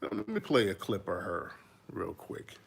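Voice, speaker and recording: Gravelly animated man preaching casually. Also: sits low, a little slow. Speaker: host. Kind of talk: casual commentary monologue. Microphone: phone held close to face.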